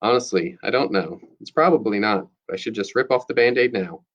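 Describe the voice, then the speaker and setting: A man reading the lines of a calm, soft-spoken woman who works at an animal shelter. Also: on the low side, brisk, highs cut off.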